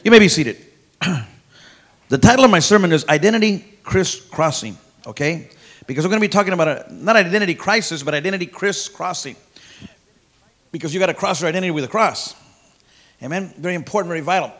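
A high-pitched man preaching a sermon, his tone bright and forceful. He speaks in a folksy way, stumbles over fillers and repeats words, then builds to loud, emphatic points. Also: lively intonation, brisk, long pauses. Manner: emphatic, rising to loud declarations.

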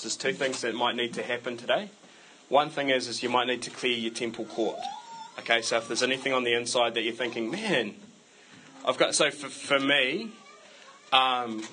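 A man's voice: mid-range voice, sharp tone, slight background noise, low-quality recording. A man preaching a sermon to his church in a conversational way, breaking it up with self-deprecating jokes. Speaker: pastor.

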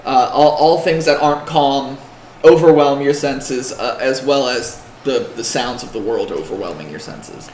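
A man running a tabletop game as game master, narrating slowly with hesitant fillers. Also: mid-range voice, darkish tone, a little hiss or hum. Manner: slow, soothing descriptive narration with hesitant fillers. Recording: echoey room.

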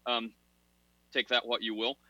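A man's voice: mid-range voice, little pitch movement, measured pace, sharp tone, no room sound. A man co-hosting a casual religious discussion podcast, talking in long rambling runs full of fillers and laughing at himself. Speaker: podcast co-host. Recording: dull, dry podcast audio.

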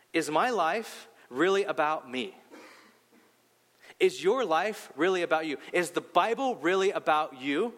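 Fiery preaching man in a hall. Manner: animated storytelling, rhetorical questions, pitch rising when heated. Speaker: pastor. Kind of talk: sermon. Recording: long hall reverb.

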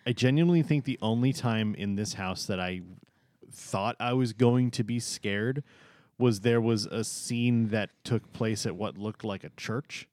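A man's voice: lowish voice, unhurried, darkish tone, dry recording, studio quality. A man co-hosting a podcast in casual chat, talking with frequent ums and uhs. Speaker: podcast co-host.

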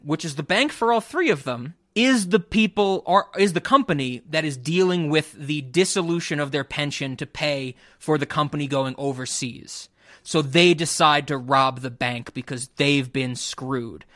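A young man hosting a casual podcast, giving a blunt, profane, animated review of a film. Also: on the high side, no echo, studio quality. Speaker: podcast host. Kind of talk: casual chat.

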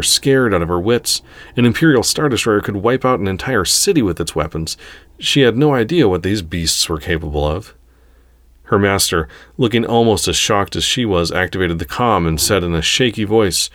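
A man reading a science fiction story aloud in a steady, unhurried way. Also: sits low, no room sound. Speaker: narrator. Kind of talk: storybook narration.

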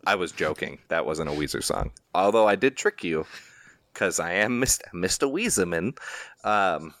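A man's voice: deep voice, expressive, moderate pace, a bit bright, no echo. A man co-hosting a podcast in casual chat, rambling and joking at his own expense. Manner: rambling, self-deprecating, joking. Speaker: podcast co-host.

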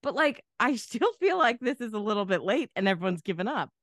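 A woman co-hosting a casual movie podcast, animated and loose with her swearing. Her pitch swings widely, and it leaps up when she acts out lines from the film. The recording is close-miked and dry. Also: a little fast, dry recording. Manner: animated, profane, quotes characters with big pitch jumps. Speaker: podcast co-host.

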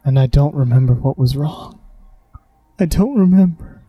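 A man voicing a faceless male being who is fading away, speaking in a slow, halting, forlorn way. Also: a little high, breathy edge, no room sound, dull audio, faint music behind.

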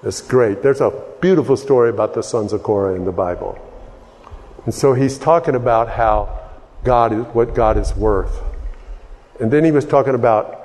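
A man's voice: mid-range voice, expressive, normal speed, a little mellow, long reverb tail. A man from Texas preaching a sermon in a rambling way, often restarting his sentences and wandering into asides.

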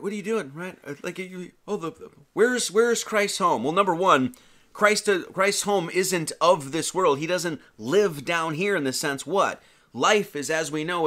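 Lively man preaching a casual sermon. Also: fairly high pitch. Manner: animated, chatty, many restarts and slang. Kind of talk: casual sermon with Bible reading.

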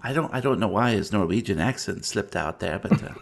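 A man's voice: on the low side, lively intonation, normal speed, creaky, fairly bright tone, a little hiss or hum. A man playing a tabletop game, bantering and teasing in character. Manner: joking, teasing. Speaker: player.

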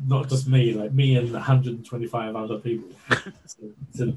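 A man being interviewed, telling a story in a casual, animated way with lots of fillers. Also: medium pitch, moderate pace, a little hiss or hum, rough recording. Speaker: interview guest.

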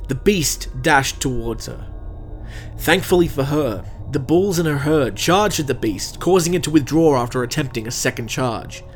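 Young male podcast host, self-deprecating comic banter, then storytelling narration; middle-pitched, faint guitar music behind. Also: animated, normal speed. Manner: self-deprecating, jokey asides. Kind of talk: comedic podcast chat and true-crime narration.

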